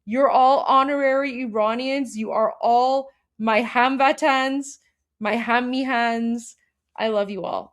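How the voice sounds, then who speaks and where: A woman's voice: fairly high pitch, steady tone, measured pace. A young woman hosting a political livestream, talking casually and emotionally to her viewers with many fillers and restarts.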